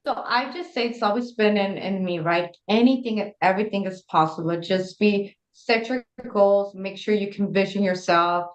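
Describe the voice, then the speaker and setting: A woman's voice: medium pitch, normal speed, few pauses. A woman panelist speaking in an upbeat, motivational manner. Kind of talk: panel discussion. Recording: dull echoey room.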